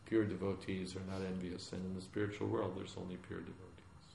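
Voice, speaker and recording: Male spiritual teacher, lowish voice, calm plain explaining in a roomy hall with faint hiss. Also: a little fast, gravelly. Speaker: spiritual teacher answering questions. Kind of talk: question-and-answer class. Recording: echoey room with background noise.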